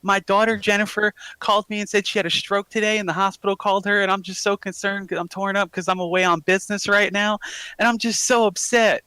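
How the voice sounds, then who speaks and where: A man putting on the voice of a worried Southern woman calling a hospital, high and pleading. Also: level tone, fast talker, bright, forceful tone, clean tone, dry recording, poor audio. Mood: anxious. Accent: put-on Southern US.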